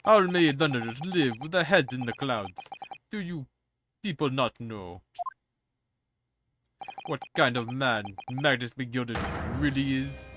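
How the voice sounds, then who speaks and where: A man's voice: medium pitch, slow, pauses often, a bit bright, a little hiss or hum. A man voicing a stern prosecutor with a cold, cutting, formal manner. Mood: scornful. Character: stern, scornful male prosecutor.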